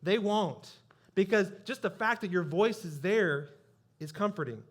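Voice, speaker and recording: A man's voice: high-pitched, a little slow. A man preaching a sermon as pastor, telling a personal story in a conversational, self-deprecating way.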